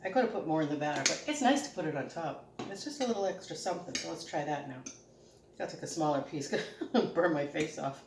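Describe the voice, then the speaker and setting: A middle-aged home cooking host with a regional American accent speaks briskly and animatedly in a low voice, chatty and homey, laughing often during a casual demo. Her echoey home kitchen is recorded from afar, with a noisy background of clattering dishes and cutlery.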